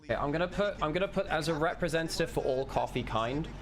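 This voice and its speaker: A man's voice: a little high, fast talker, over music. A man co-hosting a live esports stream, chatting loosely with restarts and asides to chat.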